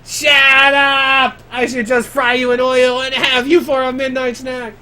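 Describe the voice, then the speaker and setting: A man voicing a cranky, quarrelsome male dolphin in a put-on Australian accent, full of rough slang. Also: very high voice, moderate pace, fairly bright tone, voice pushed up. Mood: angry.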